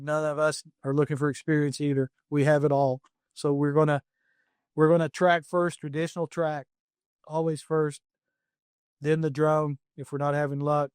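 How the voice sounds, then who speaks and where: A middle-aged man tells hunting stories in a blunt, plainspoken way, full of "uh"s and restarts. His voice sits a bit high for a man. The sound is close and dry. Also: darkish tone, smooth, no echo. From United States. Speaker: professional hunter and safari outfitter. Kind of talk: podcast interview storytelling.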